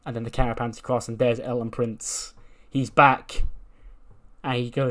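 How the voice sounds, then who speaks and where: A man narrates a wrestling management game in a loose, chatty style. He rambles, laughs at his own jokes and swears casually as he goes. His pitch sits right in the middle for a man. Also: little pitch movement, moderate pace, a bit bright. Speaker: let's play host. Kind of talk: casual game story commentary.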